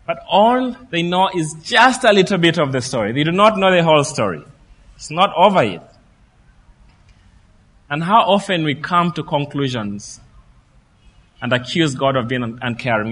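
A man preaching a sermon, telling the story in a lively way and acting out what the people in it say. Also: a little high, long reverb tail. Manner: lively storytelling preacher who acts out the quoted speech.

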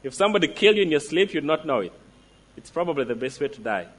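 A man preaching a sermon, emphatic, slowing down to stress declarations and asking the listeners direct questions. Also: fairly high pitch, sing-song, a bit bright.

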